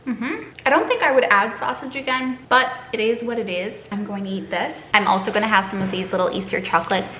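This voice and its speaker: Young woman, twenties, from Quebec, casual food vlog, chatty and bubbly, bright voice, echoey kitchen. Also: mid-range voice, a little hiss or hum. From Quebec, Canada. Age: 20s. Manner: chatty, bubbly, self-deprecating asides. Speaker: food vlogger. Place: home kitchen.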